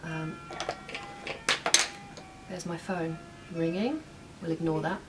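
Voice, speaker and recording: Taking her time, a young woman with a low-pitched, steady voice walks through a makeup tutorial at home. She's chatty, talking while she works and slipping in a few asides. There's faint room noise on a slightly distant mic.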